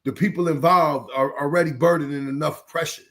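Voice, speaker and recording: Male American co-host, slightly higher pitch, firm and lecturing. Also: steady tone, brisk, a bit bright. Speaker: podcast co-host. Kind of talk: podcast talk.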